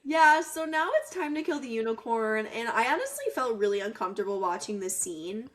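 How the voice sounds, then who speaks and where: A woman's voice: fairly high pitch, lively intonation, a little fast, a bit bright. A woman co-hosting a casual podcast, recapping a movie with blunt jokes and mock quotes of the characters. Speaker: podcast co-host.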